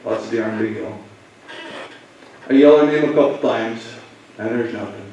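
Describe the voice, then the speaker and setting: A man, a police officer, telling students a personal story in a halting, emotional way. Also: fairly low pitch, warm tone, lo-fi sound, a little hiss or hum. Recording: echoey room, voice from far off.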